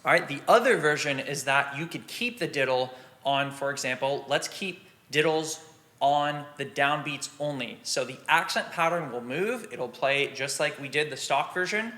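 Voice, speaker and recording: A man teaching drum rudiments in a relaxed, practical way, sometimes scatting the rhythms aloud. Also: a little high, normal speed, a little hiss or hum. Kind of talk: instructional explanation.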